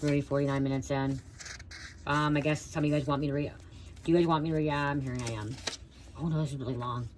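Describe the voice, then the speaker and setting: A woman's voice: sits low, fairly even intonation, fast talker, darkish tone, a little hiss or hum, low-quality recording. A woman doing a live card reading for viewers, stumbling as she reads the guidebook text aloud and breaking off to talk to them directly. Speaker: tarot reader.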